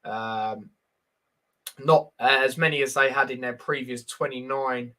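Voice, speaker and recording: A man's voice: mid-range voice, fairly even intonation, slow pace, fairly bright tone. A young man giving casual, blunt football predictions on a livestream, reading stats and viewer comments with lots of fillers.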